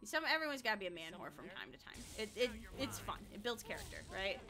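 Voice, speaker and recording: A woman's voice: medium pitch, sing-song, fast, bright, forceful tone. A young American woman streaming a game and chatting casually, giggly and blunt, swearing freely. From United States. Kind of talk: casual gaming livestream chat.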